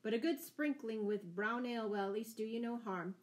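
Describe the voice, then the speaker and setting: A woman's voice: a little high, a little fast, lightly acted. A woman voicing a playful male outlaw companion in a storybook reading, speaking in a mock-solemn, teasing way.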